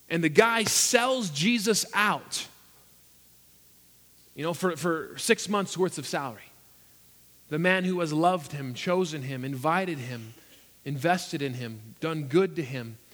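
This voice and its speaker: A man's voice: sits high, fairly bright tone. A man preaching a sermon as pastor, earnest and emphatic, firing off rhetorical questions. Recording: echoey hall reverb.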